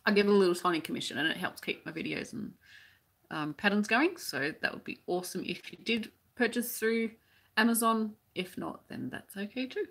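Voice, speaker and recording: A woman's voice: mid-range voice, fairly quick, fairly bright tone. An Australian woman who teaches crochet, chatting casually on a live stream as she reads out viewer comments, rambling with many restarts.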